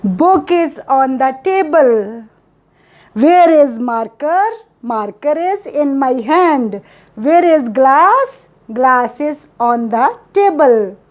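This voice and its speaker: An English teacher with a high, expressive voice gives a spoken lesson at an unhurried, deliberate pace. She drills simple questions one after another, repeating each pattern so learners can keep up.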